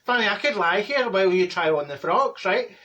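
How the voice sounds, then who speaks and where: A man in drag voices a middle-aged Glaswegian woman in a blunt comic monologue, delivering straight-talking gossip. His voice is high, bright and animated, a little fast and forceful. The mood is gossipy and the storytelling chatty and blunt.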